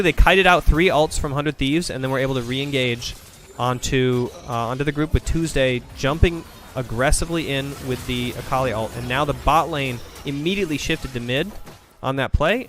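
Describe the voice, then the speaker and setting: A man commentating a video game match, breaking plays down quickly and thinking aloud. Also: mid-range voice, fairly bright tone. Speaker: esports caster. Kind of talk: play-by-play and analysis commentary.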